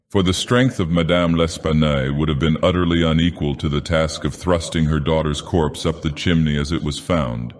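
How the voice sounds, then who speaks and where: A man voicing a godlike villain from a game, reading a story aloud in a slow, grave, measured manner. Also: rumbling low. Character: deep-voiced godlike male villain reading a tale. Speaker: audiobook narrator. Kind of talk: storybook narration in character. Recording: long hall reverb.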